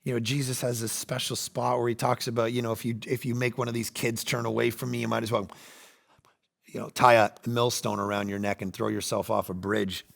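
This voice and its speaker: A man in his forties preaching a sermon as pastor, animated, acting out quoted voices and swinging between loud and hushed delivery. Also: medium pitch, brisk, creaky. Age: 40s.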